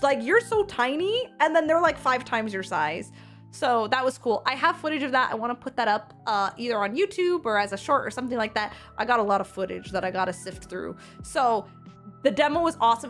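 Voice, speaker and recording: A young woman streamer casually telling a story to her chat, animated and laughing, full of quick restarts and acted-out quotes. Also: sits high. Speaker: streamer recounting an event.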